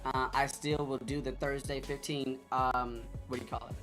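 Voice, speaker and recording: A man's voice: mid-range voice, flat delivery, normal speed, fairly bright tone, soft background music. A man hosting a stock trading livestream, talking loosely and straight to his viewers in casual chat.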